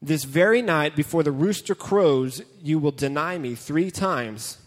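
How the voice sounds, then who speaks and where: A man's voice: fairly high pitch, moderate pace, few pauses. Joking preacher man in a big hall. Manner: joking, dramatic storytelling, reads scripture aloud. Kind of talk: casual sermon with Bible reading. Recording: long hall reverb.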